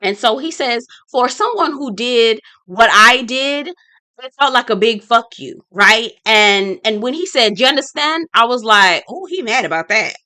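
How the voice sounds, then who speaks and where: A woman's voice: a little high, lively intonation, unhurried, pushed and bright, no room sound, studio quality. A woman hosting a casual reality-show review vlog, blunt and sassy, talking straight to her viewers and repeating her points for emphasis. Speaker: reality TV recap host.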